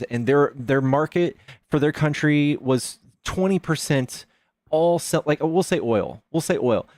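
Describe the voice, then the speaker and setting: A man's voice: mid-range voice, a little mellow, no room sound, clean studio sound. A man hosting a live debate stream, arguing hard, swearing and firing off rhetorical questions. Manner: argumentative, profane, fires rhetorical questions.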